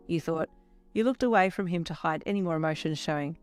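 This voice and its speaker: Steady, lowish female fanfic narrator over soft background music. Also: fast. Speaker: fanfiction reader. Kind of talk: second-person story narration.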